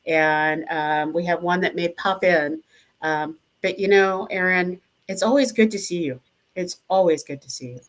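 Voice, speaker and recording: A woman co-hosting a live show over a video link, chatting warmly with frequent ums. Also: fairly low pitch, moderate pace. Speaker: district governor and co-host. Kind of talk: casual chat on a live show.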